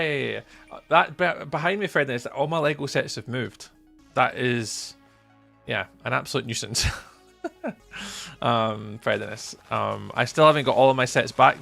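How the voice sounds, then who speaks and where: A man's voice: mid-range voice, creaky, bright, forceful tone. A man with a mild Scottish accent chatting casually with his live-stream viewers, rambling through friendly replies with plenty of fillers and restarts. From Scotland. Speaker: livestreamer.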